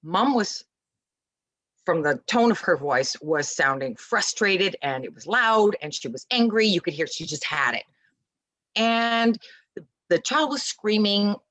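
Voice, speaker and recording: A woman guest in a casual interview, talking about parenting in an animated, emphatic way and acting out little dialogues. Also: medium pitch, a little slow, no room sound, low-quality recording.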